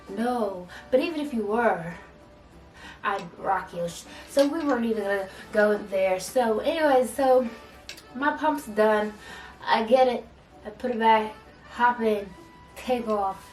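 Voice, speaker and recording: A young woman vlogger casually telling a storytime, acting out both sides of an argument in an animated way. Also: a little high, a little slow. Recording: echoey room, mic at a distance, faint music.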